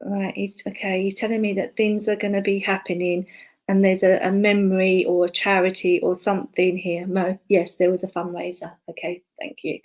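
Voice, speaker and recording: Halting woman giving spirit messages. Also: mid-range voice, completely flat delivery, rough recording. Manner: halting and hesitant, with many fillers and restarts; murmurs softly to herself between messages. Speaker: spiritualist medium. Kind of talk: live online clairvoyance demonstration.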